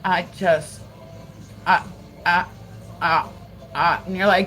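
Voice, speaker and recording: Over a rough recording, a Delaware woman hosting a laid-back livestream speaks slowly in a lowish voice, leaving long pauses. She's profane, rambling, and animated.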